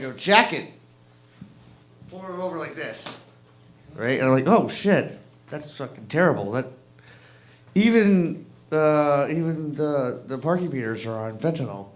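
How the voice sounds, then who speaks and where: A young man doing halting, rambling stand-up at an open mic on a club stage. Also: fairly high pitch, a bit bright. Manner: rambling, halting, lots of fillers and restarts. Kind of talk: stand-up comedy. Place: comedy club stage with audience.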